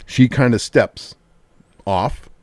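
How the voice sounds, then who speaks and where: A man chatting casually, telling stories with lively changes of voice. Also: medium pitch, slow, dry recording, studio quality. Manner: animated storyteller, acts out quotes. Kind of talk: casual chat.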